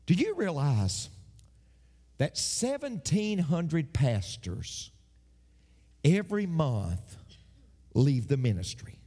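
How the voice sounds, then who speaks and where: A preacher man delivers a sermon in a high, lively voice that swoops up and down. He hammers his points home, repeating phrases for emphasis. His voice rings out with a long reverb tail. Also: takes it slowly, pauses often, husky. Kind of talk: sermon with a told joke.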